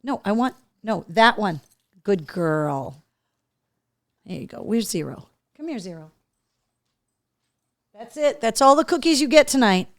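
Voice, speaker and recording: A woman's voice: a little high, expressive, moderate pace, pauses often, dry recording, studio quality. A woman hosting a casual live show, chatting to her dogs in a coaxing voice and reading out viewer comments. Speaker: host. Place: home studio room.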